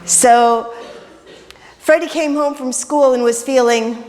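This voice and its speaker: A woman minister leading an interactive sermon, chatty and playful with quick jokes, in a church. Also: high voice, steady tone, darkish tone. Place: church sanctuary. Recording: reverberant church hall.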